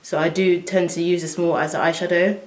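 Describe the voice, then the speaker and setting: A woman chatting to viewers as she works through a casual makeup tutorial at home, excitable and talking as she goes. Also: fairly low pitch, brisk. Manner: chatty, excitable, talks to viewers while working. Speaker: beauty vlogger. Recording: echoey room.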